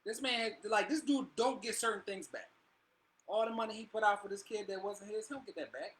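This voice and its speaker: A man's voice: high-pitched, a little fast, a bit bright, slight background noise. A man co-hosting a casual live chat, talking in an emphatic, slangy, argumentative way. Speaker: co-host of a live show.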